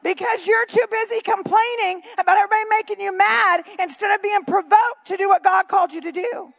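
A woman's voice: very high-pitched, a little fast, gravelly. A woman preaching a sermon, reading Bible verses and breaking off for chatty, joking asides to the congregation.

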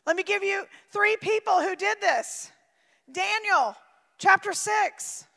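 A woman preaching a sermon with emphatic swings from shouting to near-quiet. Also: very high voice, slow, creaky, big-room sound.

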